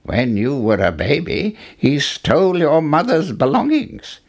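A mysterious old man , voiced by a man reading a fairy tale, gives a slow, solemn warning. The voice sits higher than the narration and sounds a little husky. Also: wildly swooping pitch, exaggerated voice.

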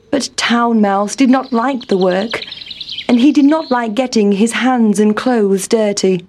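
Slow, gentle woman reading a storybook. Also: medium pitch. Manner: gentle, expressive.

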